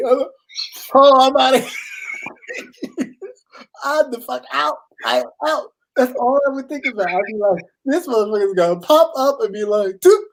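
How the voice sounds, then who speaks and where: Man telling animated stories. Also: very high voice, low-quality recording. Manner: animated storyteller acting out family voices; swears freely. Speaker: co-host. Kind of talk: casual chat.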